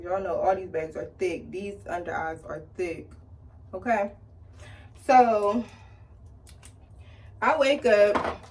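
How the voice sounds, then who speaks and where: With slight background noise and her voice far from the mic, a beauty vlogger animatedly shares a story while putting on makeup. She impersonates the people involved, jumping sharply in pitch to quote them.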